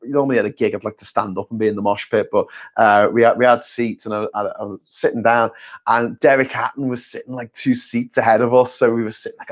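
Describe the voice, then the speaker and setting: A man's voice: mid-range voice, little pitch movement, fairly quick. A man, hosting a casual live chat, reading viewer messages and talking bluntly and sarcastically, with plenty of swearing. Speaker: host.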